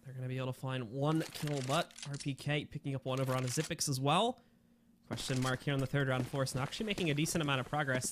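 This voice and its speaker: A man giving lively play-by-play commentary on an esports match, chatty and quick to laugh. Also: medium pitch, a little hiss or hum. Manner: laughs easily, upbeat and chatty. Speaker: esports caster.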